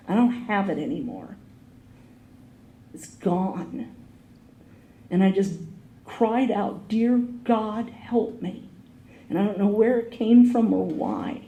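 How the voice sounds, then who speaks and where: In a meeting hall, a woman with a mellow, mid-range voice tells her personal recovery story as an AA speaker. She speaks earnestly and acts out the people she quotes, in an echoey room with faint noise.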